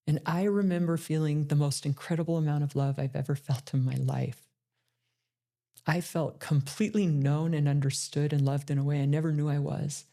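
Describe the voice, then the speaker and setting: A woman in her forties speaks as a motivational speaker, telling her own story with candid emotion. Her voice is mellow and soft-edged, and she often slows down on the hardest memories. She laughs now and then between lines. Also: sits low, fairly even intonation. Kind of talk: personal storytelling talk.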